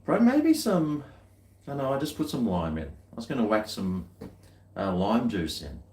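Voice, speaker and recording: Man, low voice, rambling casual vlog chat, chuckling asides. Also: sing-song, moderate pace, a little mellow. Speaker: vlogger. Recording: echoey room.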